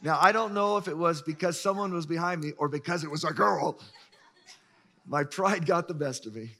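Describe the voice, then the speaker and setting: Animated, bright-voiced male pastor. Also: a little high, normal speed. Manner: animated storyteller, acts out voices, chuckles often. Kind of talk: sermon with stories.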